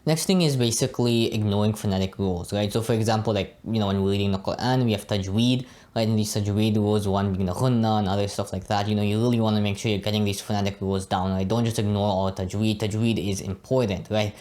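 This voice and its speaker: A man's voice: lowish voice, quick pace, hardly any pauses. A young man giving a casual Arabic pronunciation lesson, often tagging his sentences with "right?" and "you know". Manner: relaxed, frequently adds "right?" and "you know". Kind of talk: casual teaching monologue.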